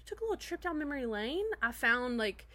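Young adult woman, podcast co-host, slightly high pitch, giggly and loose with fillers. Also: big pitch swings, brisk, pushed and bright. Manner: laughs a lot, many fillers. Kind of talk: casual chat.

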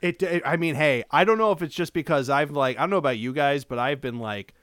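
Fairly high-pitched and fast, this man's voice sounds clear and resonant in a clean studio with no room sound. He co-hosts a podcast, chatting casually and telling stories as a profane, animated storyteller with plenty of swearing.

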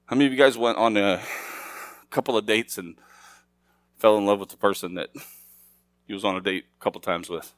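A man's voice: on the low side, brisk, long pauses, no room sound. A middle-aged man preaching a sermon as pastor, talking casually with the congregation and rising to emphatic, raised passages.

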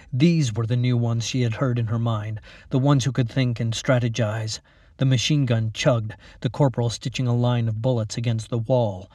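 Male narrator, mid pitch, dry studio read; steady, measured horror storytelling. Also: breathy edge, no echo.

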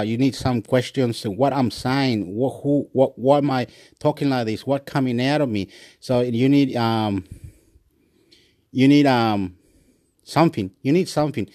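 A man's voice: mid-range voice, darkish tone, no echo, clean studio sound. An Australian man hosting a solo podcast, rambling and restarting as he talks into his phone's recording app. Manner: rambling, restarts often, mixes in Spanish greetings. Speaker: podcast host.

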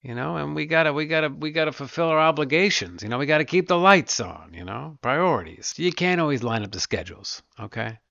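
A gravelly-voiced man in his thirties rants alone into a close podcast mic, loose and profane, now and then dropping into playful put-on voices. The sound is dry and a little dull, with no room around it. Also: a little high, expressive, fairly quick, few pauses, pushed and bright, no echo. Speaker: podcast host. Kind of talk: solo rant, casual monologue.

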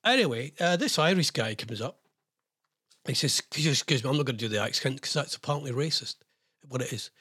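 A man's voice: medium pitch, expressive, brisk, pushed and bright, husky. An older man hosting a radio show, telling a rambling, self-mocking story in casual chat.

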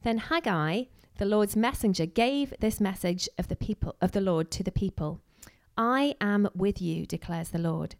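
A woman's voice: medium pitch, normal speed, hardly any pauses, a little mellow. A woman giving a casual, chatty sermon, acting out quotes and dropping in asides. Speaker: preacher.

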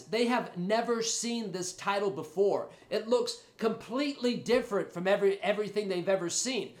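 A man's voice: high-pitched, reverberant. A man hosting a wrestling podcast while sick with a cold, rambling and hyped, with a salty, profane streak. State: has a cold, congested. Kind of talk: casual solo podcast talk.

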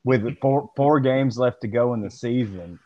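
A man's voice: medium pitch, unhurried, warm tone, no echo, dull audio. A man in casual chat, ranting bluntly and with disgust, swearing as he goes.

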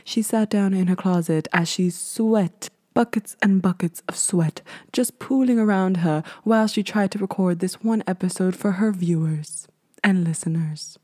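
A woman voicing a breathy, whispery mock storybook narrator who tells the tale in a dramatic hush. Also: on the low side, normal speed, natural voice. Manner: breathy near-whisper, drawn out.

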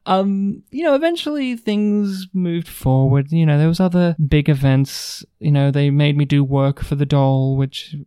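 A young man from Australia telling stories in a relaxed interview, a bit high for a man, with a mellow, smooth, rounded tone. He gets animated, laughs often and acts out the people he quotes. The sound is dry and close. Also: a little slow, hardly any pauses, dry recording. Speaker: guest. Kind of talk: casual storytelling interview.

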